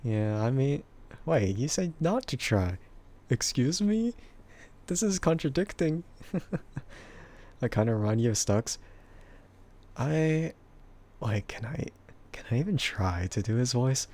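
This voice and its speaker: Slow, giggly husky-voiced man. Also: big pitch swings, a little mellow. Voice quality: husky, bassy voice. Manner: giggly, laughs often between remarks. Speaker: VTuber streamer. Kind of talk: casual stream chat answering viewers.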